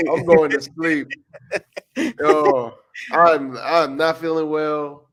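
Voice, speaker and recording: A man's voice: fairly high pitch, fairly even intonation, drawn-out words, fairly bright tone. A tired man co-hosting a casual podcast livestream, rambling, joking at himself and swearing often. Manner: rambling, self-mocking, swears a lot. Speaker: podcast co-host.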